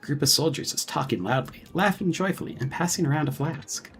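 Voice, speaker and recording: Goofy husky-voiced man streaming a game. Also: on the high side, brisk, hardly any pauses, faint music behind. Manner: goofy and self-mocking, bursts into shouted rap bits. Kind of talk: casual gaming stream.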